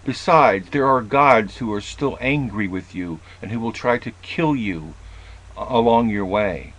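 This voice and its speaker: A man reciting, slowly and coaxingly, the lines of an ageless, beautiful goddess tempting a mortal man. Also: on the low side, fairly bright tone, low-quality recording.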